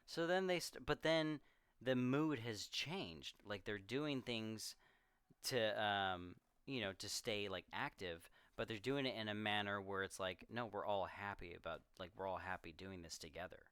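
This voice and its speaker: A young man co-hosting a casual film discussion, animated and acting out characters' lines as he retells scenes. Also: on the low side, a little slow, smooth, dry recording. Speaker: podcast co-host.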